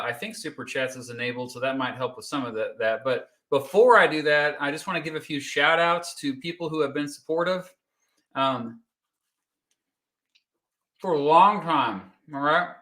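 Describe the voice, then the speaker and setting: A man hosting a laid-back livestream, talking with a bright, forceful edge in a slightly high voice. He jokes around easily and sometimes talks with his mouth full. He is in his thirties and comes from Kansas. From Kansas, United States. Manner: relaxed, joking, eats while talking. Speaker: YouTube host. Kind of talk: casual livestream chat.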